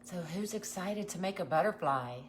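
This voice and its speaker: A woman's voice: fairly low pitch, expressive, normal speed, slight background noise. A woman hosting a casual craft livestream, greeting viewers and chatting with many ums and restarts. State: nervous.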